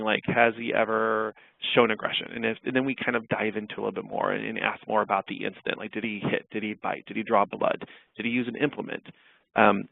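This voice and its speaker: A clinical researcher presents a webinar over slides, talking casually with lots of fillers and restarts. His lowish, gravelly voice comes through dry, tinny, phone-like audio with no echo.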